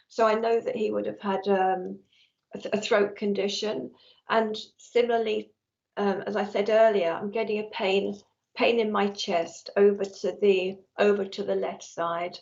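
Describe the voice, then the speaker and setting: A woman's voice: mid-range voice, steady tone, normal speed, creaky. A woman psychic medium giving a live reading to a viewer, chatty and affectionate, often restarting her sentences. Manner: chatty, warm, frequent restarts. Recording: dull lo-fi stream audio.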